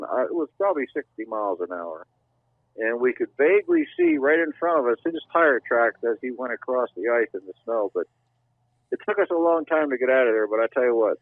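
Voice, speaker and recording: A man's voice: medium pitch, dry recording. An older man telling outdoor stories in a folksy, plainspoken way as a podcast guest, heard through a tinny call line. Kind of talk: casual storytelling interview. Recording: tinny phone-like line, dry.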